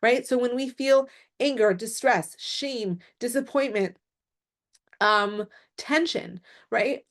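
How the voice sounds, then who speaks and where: Woman running a workshop, bit high voice, keeps asking "right?" to check in. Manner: explanatory, checks in with frequent "right?" and "okay?". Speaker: workshop presenter. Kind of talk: teaching a mental health workshop.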